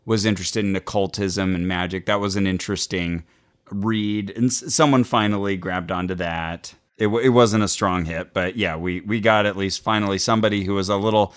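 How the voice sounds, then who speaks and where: A man's voice: low-pitched, steady tone, a little fast, fairly bright tone, smooth. Wry man in easy conversation. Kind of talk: casual chat.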